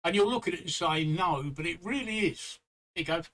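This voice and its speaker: A man's voice: on the high side, a little fast, fairly bright tone, poor audio. A man hosting a casual live-stream chat, chatty and teasing, often repeating himself. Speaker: stream host.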